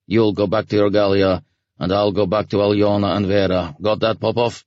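A man voicing a blunt, hardened middle-aged military commander who speaks flatly and a notch louder than the narration. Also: fairly low pitch, moderate pace, no echo, lo-fi sound, natural voice. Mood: grim. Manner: flat, matter-of-fact, raised.

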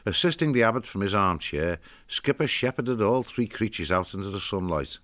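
A man with a very deep voice reads a storybook aloud, measured and expressive. He sits close to the mic, and the sound is bone-dry with no room around it. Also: no room sound. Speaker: narrator. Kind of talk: storybook narration.

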